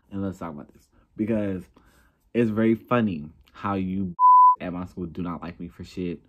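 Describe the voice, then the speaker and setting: Young male vlogger, deep register, blunt and profane, self-deprecating. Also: fairly bright tone, a little hiss or hum. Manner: profane, blunt, laughing at himself. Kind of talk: casual ranting commentary.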